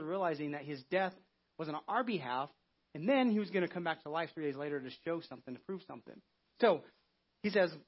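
A man's voice: high-pitched, husky, muffled recording. A man preaching an Easter sermon as pastor in a conversational way, acting out biblical quotes. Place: church.

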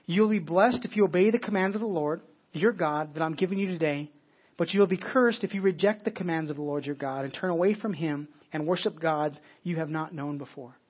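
Pastor, male, fairly high husky voice, muffled lo-fi church recording. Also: a little fast. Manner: preachy, repeats words and restarts often. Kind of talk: sermon. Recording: dull lo-fi sermon audio.

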